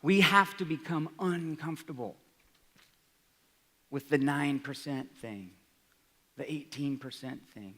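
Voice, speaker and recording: A man in his forties giving an energetic speech to an audience, often asking "right?". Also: on the high side, slow, long pauses. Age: 40s. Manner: energetic, rhetorical, asks the crowd "right?". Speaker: college president. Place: large hall. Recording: reverberant hall, live speech.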